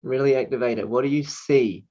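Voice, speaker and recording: A man coach leading a guided anger exercise, slowly repeating single words over and over. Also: medium pitch, mellow, lo-fi sound. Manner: slow, repetitive chanting of single words.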